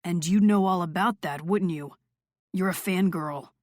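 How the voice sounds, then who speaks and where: A woman voicing a brooding, sarcastic male rock star with a gruff, scoffing manner in an audiobook. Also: fairly low pitch, measured pace, darkish tone, dry recording, clean studio sound, lightly acted. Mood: cold. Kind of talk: audiobook character voice.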